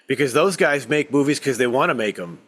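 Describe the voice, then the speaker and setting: A man co-hosting a podcast in casual chat, animated and repeating himself as he talks. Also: mid-range voice, brisk. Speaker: podcast co-host.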